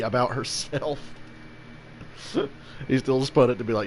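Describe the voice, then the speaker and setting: A man's voice: medium pitch, measured pace, pauses often, a little hiss or hum. A man ranting casually through a live race reaction, swearing without a second thought. His voice sits in an ordinary middle range and stays offhand and frank. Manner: blunt, ranting, swears often.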